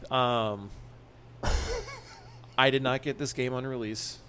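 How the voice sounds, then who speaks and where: An excitable man in casual podcast chat, swearing freely and breaking into laughter. His voice sits at an ordinary middle pitch. A faint hum of ambient noise lingers behind him. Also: slow. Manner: excitable, profane, laughs often. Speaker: podcast co-host.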